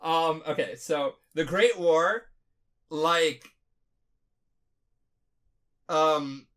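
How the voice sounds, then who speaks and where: A tipsy man talking casually on a podcast, rambling, profane and animated. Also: fairly high pitch, drawn-out words. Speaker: podcast host.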